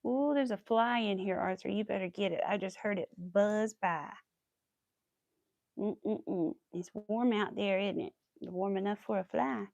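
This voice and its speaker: A woman's voice: mid-range voice, gravelly, darkish tone, dry recording, dull audio. A young woman with a Southern US accent chatting casually while she crochets on a livestream, rambling and laughing often.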